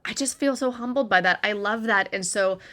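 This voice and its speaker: Woman storyteller, bright, earnest, chatty; vlog confessional delivery. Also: medium pitch, a little fast. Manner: earnest, conversational, frequent "like" and "right?". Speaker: recovery content creator. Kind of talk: personal storytelling to camera.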